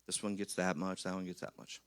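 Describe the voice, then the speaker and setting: A man's voice: low voice, completely flat delivery, fairly quick, clear, resonant tone, no echo. A man preaching a conversational sermon in a church. He talks in a chatty, jokey way and keeps checking in with the congregation. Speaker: pastor.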